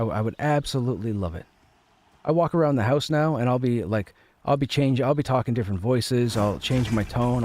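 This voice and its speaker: A man's voice: lowish voice, a little mellow. A man streaming a game from home, chatting casually and rambling, often repeating his phrases. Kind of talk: casual chat.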